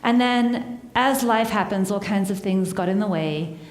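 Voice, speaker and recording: A woman's voice: medium pitch, measured pace. A woman giving a conversational talk to a live audience, engaging them with questions and laughing at herself. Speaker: workshop speaker. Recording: echoey hall with long reverb.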